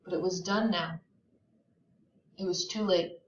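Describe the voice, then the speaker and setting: A woman teacher reading a novel aloud and explaining it in a measured way. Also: on the low side, fairly even intonation. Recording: roomy, dull lo-fi recording.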